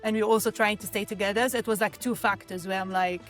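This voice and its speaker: A woman in her thirties from Lebanon, a scenic designer speaking as an interview guest in a reflective, halting way, often restarting sentences. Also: mid-range voice, fairly even intonation, soft background music. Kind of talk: candid conversational interview.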